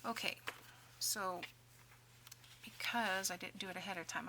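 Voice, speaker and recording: Chatty woman with a bright voice. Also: medium pitch, steady tone, a little slow, slight background noise. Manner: chatty, self-deprecating, mutters softly while working. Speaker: craft tutorial host. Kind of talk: casual crafting tutorial.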